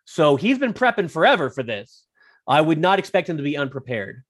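A man talking as a guest on a sports podcast, wry and teasing, quick to joke. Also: on the high side, big pitch swings, husky. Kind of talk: casual sports podcast chat.

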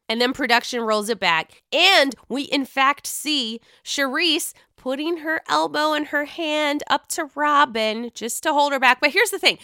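A woman hosting a casual recap chat, talking in a chatty, profane and animated way. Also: high voice, a little slow, hardly any pauses, no room sound, clean studio sound. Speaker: podcast host recapping reality TV.

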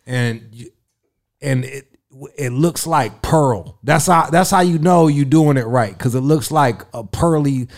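A man's voice: mid-range voice, a little slow. Young man, crude boastful storyteller, casual chat. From Italian heritage.

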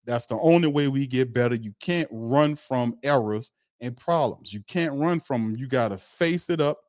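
A man's voice: mid-range voice, moderate pace, darkish tone, dry recording, clean studio sound. A man hosting a sports podcast, giving blunt, fired-up opinion commentary, repeating his points and laughing between remarks.

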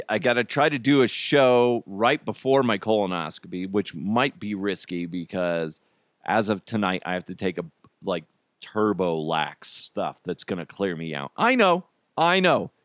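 A man's voice: mid-range voice, fairly bright tone, no room sound, studio quality. A man hosting a casual solo podcast, chatty and self-deprecating, laughing often as he talks. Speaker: podcast host.

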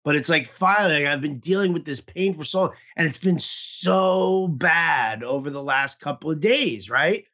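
A man's voice: a little high, moderate pace, hardly any pauses, sharp tone. A man in casual podcast chat, telling a rambling, profane story about his bad fantasy football week while nursing a toothache. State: toothache pain. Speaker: podcast co-host.

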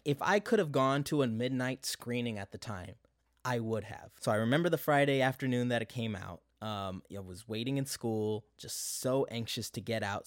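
A man's voice: mid-range voice, dry recording. Young male vlogger, casual nostalgic monologue, dry recording. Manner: conversational, many fillers and asides.

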